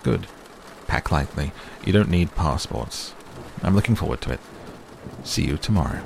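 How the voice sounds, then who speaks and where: A man's voice: sits low, animated, moderate pace, gravelly, a little hiss or hum, exaggerated voice. A man voicing an old male tycoon who is cheerful, persistent and talks over others, read as an audiobook character. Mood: brisk.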